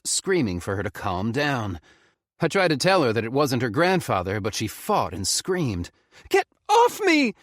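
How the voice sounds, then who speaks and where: A man reading a horror story aloud with expressive, tense storytelling. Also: medium pitch, no echo, studio quality. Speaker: audiobook narrator. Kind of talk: scripted horror narration.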